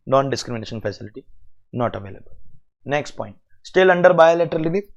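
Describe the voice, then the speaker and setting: A man with an Indian English accent teaching a tax lecture to students, animated and full of rhetorical questions. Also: medium pitch, fast talker, gravelly, highs cut off. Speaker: CA exam lecturer.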